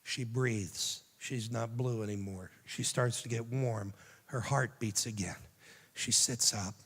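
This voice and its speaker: A man giving a youth sermon, telling the story dramatically and dropping to a hushed, tender voice for quoted lines. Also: mid-range voice, slow pace, breathy edge, long reverb tail. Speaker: youth speaker.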